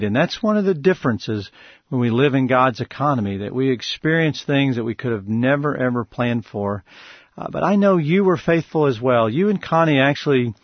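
A man's voice: mid-range voice, dry recording, muffled recording. A man hosting a faith radio show, asking earnest, encouraging questions. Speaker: radio host.

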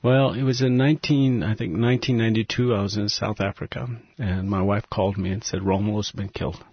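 A man, a missionary guest in an interview, telling an earnest, emotional story and dropping to a hushed voice at tender moments. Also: lowish voice, level tone, fairly quick, husky, dry recording, highs cut off.

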